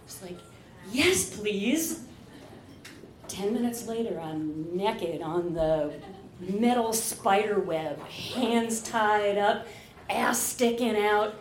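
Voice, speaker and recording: A woman's voice: medium pitch, slow pace. A woman telling a candid, profane personal story on stage, laughing often. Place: stage under bright lights. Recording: echoey live venue with ambient noise.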